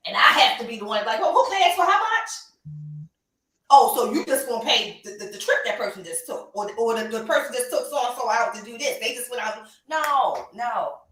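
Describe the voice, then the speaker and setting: A woman's voice: a little high, a little fast, few pauses, fairly bright tone. A woman co-hosting a podcast, talking emphatically and animatedly with laughs. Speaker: podcast co-host and reptile breeder. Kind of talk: casual chat. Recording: roomy, distant from the mic.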